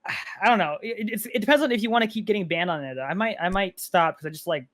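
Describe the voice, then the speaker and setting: A young man co-hosting a casual gaming podcast. He talks excitedly, restarts his sentences a lot and keeps saying "dude" and "bro". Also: high-pitched, fast talker. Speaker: podcast co-host.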